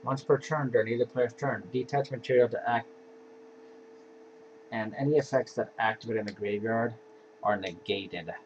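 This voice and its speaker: A man's voice: medium pitch, normal speed, long pauses. A man casually walking through his card game deck in an offhand, laid-back way, with sighs and yawns between cards. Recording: dull lo-fi home recording with faint hiss.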